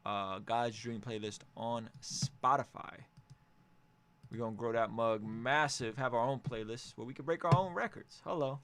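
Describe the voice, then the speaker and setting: A man's voice: mid-range voice, moderate pace, fairly bright tone. A man hosting a casual music review, upbeat and joking as he gives feedback on songs.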